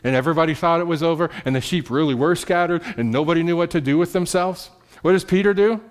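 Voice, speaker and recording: A pastor giving a sermon, retelling a story in a casual, conversational way and often checking in with "right?". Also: male voice, expressive, fast, clear, resonant tone. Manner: drops soft and low at solemn moments.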